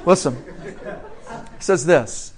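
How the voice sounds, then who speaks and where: A man preaching a sermon in a conversational way, asking the congregation questions and moving between quiet and loud. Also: fairly high pitch, extremely slow.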